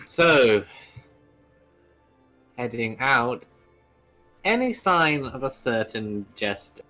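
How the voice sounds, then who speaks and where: A man's voice: medium pitch, very animated, drawn-out words, bright, forceful tone, soft background music. Blunt, impatient man at a game table. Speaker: player.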